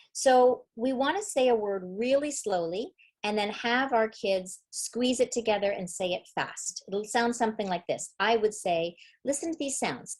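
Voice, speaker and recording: Middle-aged Canadian woman, reading educator, lively demonstrative webinar delivery, carefully enunciated. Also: medium pitch. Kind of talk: webinar presentation.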